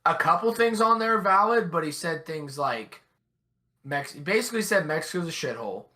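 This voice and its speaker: A young man co-hosting a casual podcast chat, blunt and animated, swearing freely. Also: fairly high pitch, a little fast. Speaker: podcast co-host.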